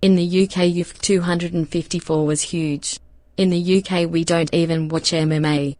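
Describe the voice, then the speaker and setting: A text-to-speech woman's voice reading out viewer donation messages in a flat way. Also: on the low side, moderate pace, no room sound.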